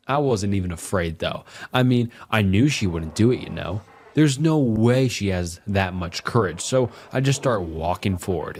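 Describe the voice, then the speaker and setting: A man's voice: fairly low pitch, a little mellow. A man voicing a drunk, violent, self-pitying husband who rambles and swears crudely through a horror story.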